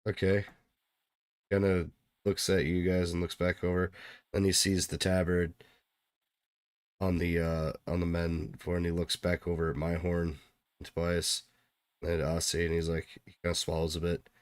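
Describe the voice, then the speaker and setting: A man narrating as game master for a tabletop game, in relaxed, halting narration. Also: low-pitched, smooth, no room sound.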